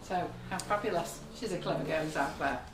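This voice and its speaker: A woman's voice: lowish voice, fairly quick. A woman running a live cake decorating demonstration, chatty and teasing. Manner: chatty, teasing, laughs often. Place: kitchen. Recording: echoey kitchen with background noise.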